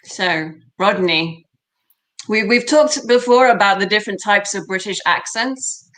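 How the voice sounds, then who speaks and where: A woman's voice: mid-range voice, a little slow. Chatty woman guest, an accent coach. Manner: warm, chatty, repeats herself while thinking. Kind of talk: casual interview chat.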